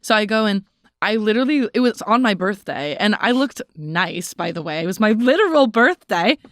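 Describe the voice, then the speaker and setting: A woman's voice: medium pitch, expressive, moderate pace, dry recording, studio quality. A young woman co-hosting a podcast, telling rambling casual stories full of "like". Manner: rambling storytelling, heavy use of "like". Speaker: podcast co-host. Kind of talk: casual chat.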